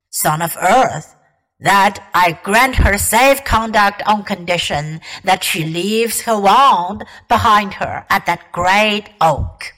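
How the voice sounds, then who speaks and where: A woman reading aloud, voicing a wise male lion king who speaks gravely and calmly. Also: medium pitch, pitched below the performer's own voice, poor audio. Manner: grave and measured.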